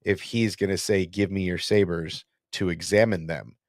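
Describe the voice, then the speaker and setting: A man's voice: low voice, steady tone, normal speed, no room sound, studio quality. A man co-hosting a casual fan podcast, talking in a rambling, self-correcting, playful way. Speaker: podcast co-host.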